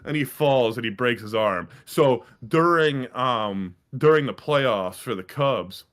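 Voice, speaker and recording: A man co-hosting a casual podcast, telling a long story in a rambling, profane, animated way. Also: mid-range voice, unhurried. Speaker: podcast co-host. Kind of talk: casual sports podcast chat.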